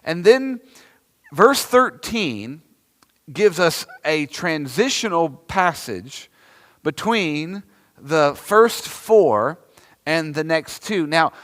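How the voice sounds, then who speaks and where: A man's voice: fairly high pitch, a bit bright. A man with a Southern American accent preaching a sermon in a conversational teaching manner, stretching out repeated words for emphasis. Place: church sanctuary. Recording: long reverb of a church sanctuary.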